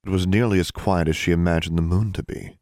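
A man narrating a fantasy audiobook in a measured, expressive reading. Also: low voice, no echo, clean studio sound. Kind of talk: scripted narration.

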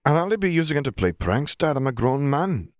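A man's voice: a little high, sing-song, a little fast, voice pushed up. A man voicing a defiant young grown son, speaking in a raised, strained, pleading tone.

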